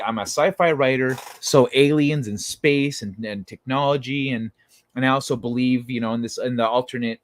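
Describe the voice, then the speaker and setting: A man's voice: mid-range voice, dry recording. Rambling, profane male livestream host. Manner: rambling and profane, with many restarts. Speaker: livestream host reading chat. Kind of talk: casual late-night livestream chat.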